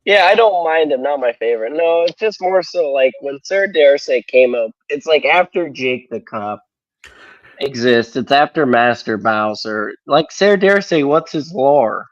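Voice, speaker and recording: A man hosting a podcast in casual chat, animated and sarcastic, laughing often. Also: mid-range voice, a little slow, no room sound. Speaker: podcast host. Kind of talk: casual chat, reading questions. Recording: dull lo-fi sound.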